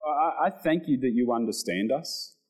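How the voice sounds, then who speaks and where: A man preaching a sermon to his church, telling the story with animated delivery and acted-out quotes. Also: medium pitch, normal speed, husky, low-quality recording. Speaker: pastor.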